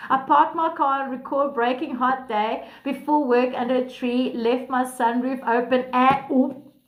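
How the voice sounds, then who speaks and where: Woman, livestream host, high-pitched, blunt and profane, laughs often, phone mic, echoey room. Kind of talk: casual live chat with viewers.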